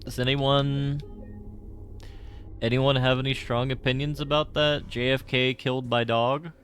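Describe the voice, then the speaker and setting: A man's voice: medium pitch, little pitch movement, measured pace, a bit bright, slight background noise. A man streaming a game, rambling and joking with his chat in casual commentary. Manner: rambling, jokey, talks to chat.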